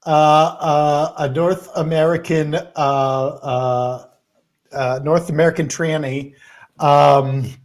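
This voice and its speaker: Very low-voiced woman, halting and dry. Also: steady tone, darkish tone. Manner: halting, hesitant, dry self-mockery. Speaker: comedy panelist. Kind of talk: casual comedy chat.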